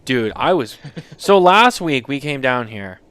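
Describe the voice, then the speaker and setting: A man co-hosting a casual talk show, telling animated, rambling anecdotes. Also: medium pitch, unhurried, smooth. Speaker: podcast co-host. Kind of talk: casual chat, storytelling.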